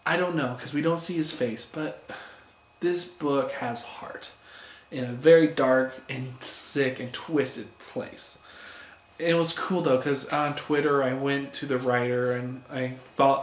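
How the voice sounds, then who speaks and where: A man's voice: medium pitch, a little slow. A man reviewing comic books for his video channel in a casual, enthusiastic and rambling way, stumbling over names now and then. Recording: echoey room.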